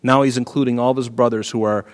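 A man preaching a sermon who works through Bible verses with animated, emphatic storytelling, heard in an echoey hall. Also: medium pitch, fast.

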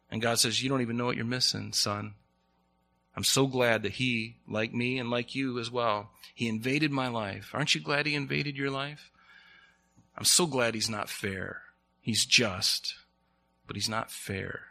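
A man's voice: mid-range voice, pushed and bright. A man preaching a sermon in a conversational way, often asking the congregation questions.

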